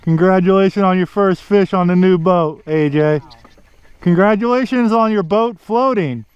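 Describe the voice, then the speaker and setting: A man filming himself bass fishing from a boat outdoors, cheering on every catch with casual commentary. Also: moderate pace, clean tone, no echo, dull audio. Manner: excited, cheers on fish with stock phrases. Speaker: fishing vlogger.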